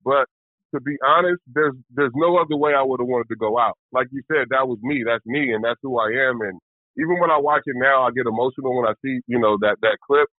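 A man's voice: medium pitch, brisk, no room sound. Man in his forties on a tinny line. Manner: relaxed, candid, rambling with fillers. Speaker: retired pitcher, guest. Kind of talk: casual interview.

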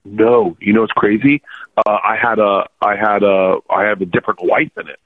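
A man's voice: fairly low pitch, moderate pace, no room sound. A man telling comic stories in a casual chat, rambling and acting out the quotes. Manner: rambling, animated storyteller who acts out quotes. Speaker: comedian guest. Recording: tinny phone-like line.

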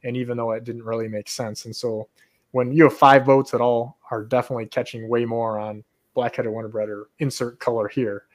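Fishing guide guy talking shop, middle pitched voice, gets going and stumbles over his words. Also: a little fast. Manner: animated storyteller, repeats words when excited. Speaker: fishing charter captain, podcast host. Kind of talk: casual chat.

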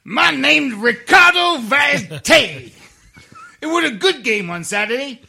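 A brash, swaggering, foul-mouthed footballer. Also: male voice, very high-pitched, big pitch swings, slow, creaky, pitched above the performer's own voice, heavily acted. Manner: loud, profane, cocky boasting. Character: brash swaggering footballer reading his own email, man.

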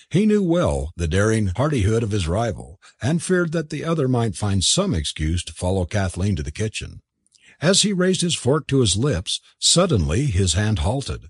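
A man narrating an audiobook in a measured storytelling manner. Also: fairly low pitch, slightly rough, dry recording, studio quality.

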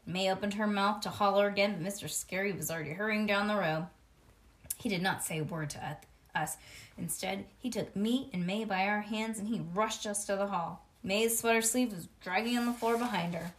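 A woman reading a children's storybook aloud to a child in an expressive, sing-song way. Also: mid-range voice, moderate pace. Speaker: reader.

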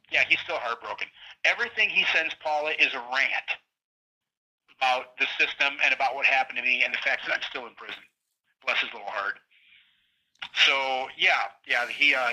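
With a medium-pitched, fairly quick, bright and forceful voice on a rough recording, a middle-aged prison guest chats casually. His story wanders, and he heatedly acts out the lines of his quoted friends.

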